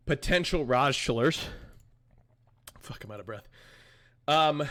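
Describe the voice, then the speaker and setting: Bright-voiced young male streamer host. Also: a little high. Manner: rambling, chatty, talks back to his chat. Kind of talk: casual live-stream chat.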